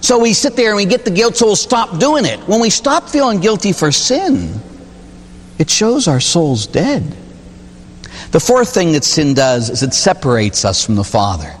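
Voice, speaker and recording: A male Catholic priest preaching a sermon. He tells stories emphatically and jumps suddenly in pitch for effect. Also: sing-song, moderate pace, big-room sound.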